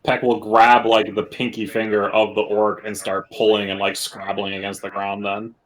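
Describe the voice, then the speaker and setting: A man playing a tabletop game, describing his character's actions in an expressive way. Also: on the low side, normal speed. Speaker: player. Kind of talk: casual game talk.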